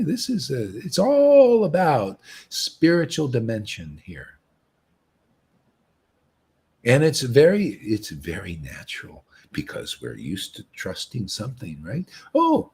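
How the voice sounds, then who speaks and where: A man's voice: medium pitch, vocal fry, a little mellow, husky. A man giving a casual devotional talk as a spiritual teacher, often saying "man" and acting out quoted voices.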